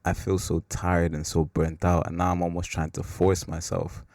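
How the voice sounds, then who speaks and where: A man with a very low voice hosts a faith podcast in a relaxed, wandering way. He leans on "like" a lot and laughs at his own slips. The sound is close and dry. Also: normal speed, gravelly, no room sound. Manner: rambling and self-mocking, with filler "like". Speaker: podcast host. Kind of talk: casual faith talk.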